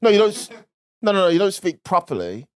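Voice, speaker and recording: A man's voice: sits high, fast. A man with a Black Country accent and a noticeable lisp on his s and f sounds, co-hosting a casual comedy chat. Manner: animated, laughing, self-mocking. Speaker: podcast co-host.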